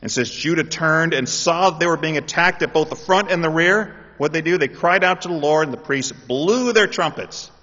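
Impassioned preacher in a reverberant hall. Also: male voice, a little high, moderate pace, hardly any pauses. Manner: animated, rising to loud impassioned pleas. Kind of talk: sermon. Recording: dull audio in a reverberant hall.

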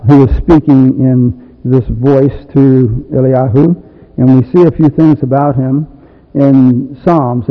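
A man preaching a sermon in an unhurried way, with frequent fillers and restarts, reading Hebrew phrases aloud. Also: medium pitch, gravelly. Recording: dull lo-fi sound in a reverberant hall.

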